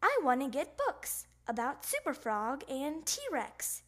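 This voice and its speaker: A woman voicing an excitable, impulsive young boy frog who talks in loud exclamations. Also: sits high, slow pace, full character voice. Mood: excited.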